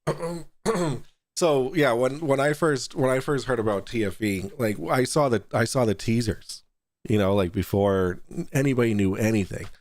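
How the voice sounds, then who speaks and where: A man hosting a casual online talk show, rambling and restarting sentences, quick to laugh. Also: medium pitch, a little mellow. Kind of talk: casual podcast chat.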